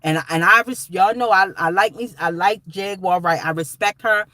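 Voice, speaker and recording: A woman's voice: mid-range voice, moderate pace, bright, forceful tone, no room sound. A woman vlogger talking straight to her viewers in casual commentary, emphatic and rambling, calling them guys and y'all. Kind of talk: casual direct-to-camera commentary.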